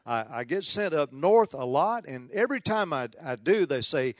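A man's voice: fairly high pitch, big pitch swings, normal speed, no room sound. A middle-aged man from Tennessee with a Southern accent, praying and then preaching as a guest speaker, fervent and rising to emphatic declarations. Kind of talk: prayer and sermon.

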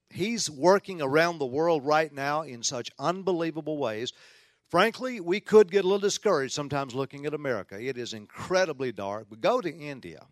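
A man's voice: on the high side, no echo. A middle-aged man from Tennessee with a Southern accent, praying and then preaching as a guest speaker, fervent and rising to emphatic declarations. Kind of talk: prayer and sermon.

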